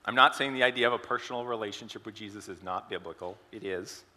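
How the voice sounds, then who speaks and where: Bright-voiced man preaching in a reverberant hall. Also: fairly low pitch, quick pace. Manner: storytelling, asks the congregation questions. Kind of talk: sermon with an acted illustration.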